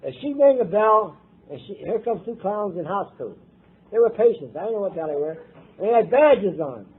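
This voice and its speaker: Older man from Ohio, husky and high-pitched, recovery speaker telling a rough personal story. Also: lively intonation, moderate pace. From Ohio, USA. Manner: blunt, profane storytelling. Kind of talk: personal testimony talk. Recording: tinny lo-fi tape recording.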